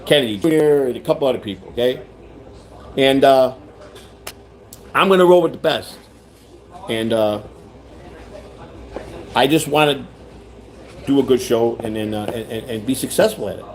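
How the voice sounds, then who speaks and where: A man's voice: medium pitch, moderate pace, pauses often, darkish tone, slight background noise. A man hosting a rambling livestream chat, repeating himself, restarting sentences and reading viewer comments aloud. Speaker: livestream host.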